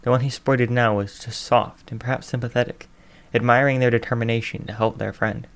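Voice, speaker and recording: A man narrating a fan fiction chapter in a soft, even storytelling voice. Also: medium pitch, fairly quick, clear, resonant tone. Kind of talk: audiobook narration.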